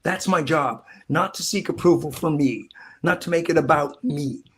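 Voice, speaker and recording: A middle-aged actor telling stories in a casual interview, rambling and acting out quoted lines in different voices. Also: male voice, a little high, normal speed. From Southern California. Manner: rambling, animated, acts out quotes. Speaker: actor guest.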